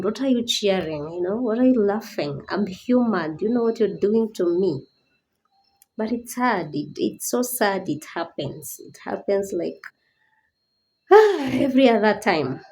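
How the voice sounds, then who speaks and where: A woman's voice: medium pitch, lively intonation, measured pace, darkish tone, slight background noise, poor audio. A woman giving a personal awareness talk as a disability advocate, earnest and pleading, rising to indignant questions.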